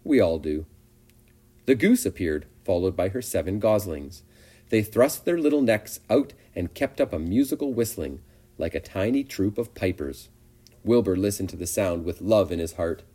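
A man reading a children's storybook aloud with gentle, expressive narration. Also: deep voice, normal speed.

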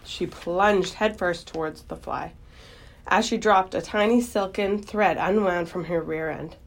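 A woman reading a children's book aloud in a gentle, expressive storytelling voice. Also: on the low side, unhurried.

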